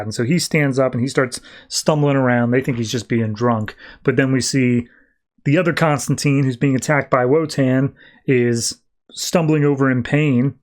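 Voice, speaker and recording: A man's voice: mid-range voice, steady tone, normal speed. A man hosting a podcast, casually recapping a comic with loose, filler-heavy paraphrase. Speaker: podcast host.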